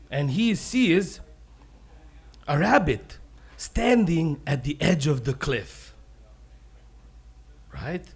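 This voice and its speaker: A male comedian telling jokes live in a brewery taproom, animated and profane. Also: fairly high pitch.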